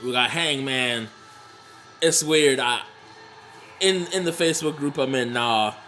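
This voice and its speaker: A young adult man giving casual reaction commentary, excitable, laughing often and swearing freely. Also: mid-range voice, a little slow, faint music behind. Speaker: wrestling reaction vlogger.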